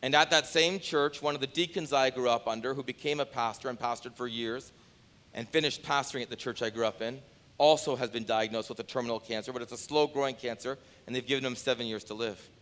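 Bright-voiced man preaching. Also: medium pitch, fairly even intonation, fast talker. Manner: builds from quiet storytelling to loud, rising pleading; repeats phrases for emphasis. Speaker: pastor. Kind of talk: sermon.

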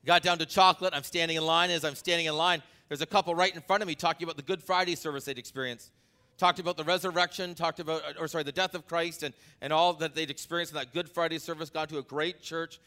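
A pastor delivers a sermon, telling an anecdote in a conversational way that climbs to emphatic peaks before dropping low. His tone stays steady, his pace is fast, and his voice sounds pushed and bright.

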